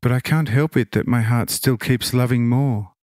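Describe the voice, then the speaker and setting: A man's voice: mid-range voice, a little mellow, no echo, studio quality, lightly acted. A man reading as an enraptured devout young woman. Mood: pleading. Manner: slow, breathless awe, stammering exclamations.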